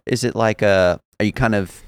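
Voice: mid-range voice, normal speed, clean tone, no echo, clean studio sound. A podcast co-host asking questions in a curious, playful way. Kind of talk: casual chat.

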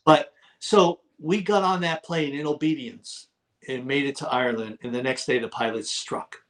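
A middle-aged man guesting on an interview show, talking in a casual, lively storytelling way. His voice sits at an everyday middle pitch, and he often repeats a word to drive it home. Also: moderate pace. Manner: animated storyteller, repeats words for emphasis. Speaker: guest author.

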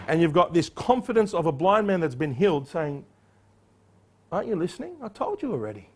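A man preaching an expository sermon, emphatic and animated, acting out the voices in the passage he reads. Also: fairly high pitch. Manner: emphatic, acts out quoted voices.

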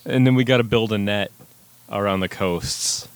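A man's voice: on the low side, normal speed, clear, resonant tone. A man co-hosting a casual podcast, wry and dry in his humor. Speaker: podcast co-host. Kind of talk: casual chat.

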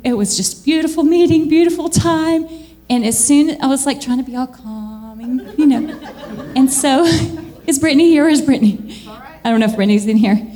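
A high-pitched woman with a drawl delivers a chatty church sermon. She talks to the congregation like friends, laughing often and leaping up into excited squeals before settling back down. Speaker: church speaker.

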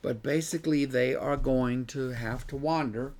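A man's voice: mid-range voice, normal speed, a little mellow. A man teaching a Bible study class in an earnest way who gets worked up and says he is losing his voice.

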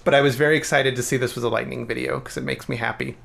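A man with a gravelly, fry-tinged voice co-hosts a casual podcast. He talks eagerly about films and laughs often. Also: mid-range voice, very fast. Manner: excited, chatty, laughs often. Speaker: podcast co-host.

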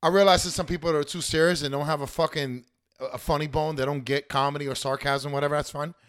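A man's voice: fairly high pitch, fast talker, smooth. A man hosting a fantasy football league recap, talking casually with sarcastic, profanity-heavy rants about the teams and players. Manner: animated, swears a lot, sarcastic rants. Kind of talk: casual profane sports commentary.

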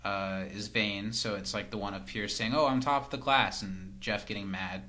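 A man's voice: fairly low pitch, steady tone, normal speed, bright, forceful tone. A man co-hosting a casual podcast, recapping scenes, quoting lines and laughing often. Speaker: podcast co-host. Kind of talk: casual rewatch chat.

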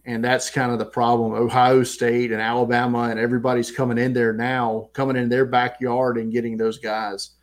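A man with a Southern US accent, co-hosting a sports podcast in relaxed, casual chat full of fillers. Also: medium pitch, normal speed, few pauses. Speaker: podcast co-host.

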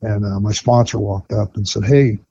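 A man's voice: on the low side, little pitch movement, normal speed, dark tone. Blunt middle-aged man telling a gritty story. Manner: blunt, frank storytelling with frequent fillers and restarts. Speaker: guest, retired firefighter. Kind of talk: candid personal recovery story in conversation. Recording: dull lo-fi podcast audio with faint noise.

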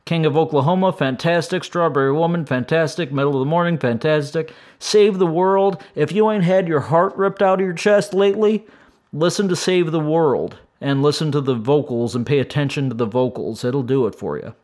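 Speaking at a moderate pace with a fairly high pitch and a somewhat dark tone, this middle-aged man hosts a music podcast. He's from St. Louis, United States, and talks through albums loosely and eagerly, rambling, sounding weary, and pausing occasionally to laugh softly.

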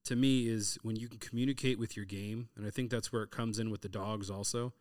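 A man in his thirties with a fairly low voice tells hunting anecdotes in a relaxed, casual chat, acting out the dialogue as he goes. The sound is dry and close. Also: a little fast, no echo. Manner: storytelling, animated retelling of hunting anecdotes with quoted dialogue. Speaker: podcast host.

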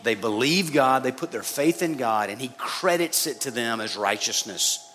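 A man's voice: mid-range voice, lively intonation, normal speed, a bit bright. A man preaching a sermon, speaking conversationally and addressing his listeners directly as guys. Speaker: pastor. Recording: long reverb of a hall, faint noise.

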